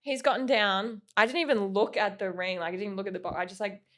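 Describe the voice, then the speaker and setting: On a podcast, a young woman casually tells a personal story, rambling and filling her sentences with "like," and turning animated when she quotes someone. Her voice is mid-range and quick.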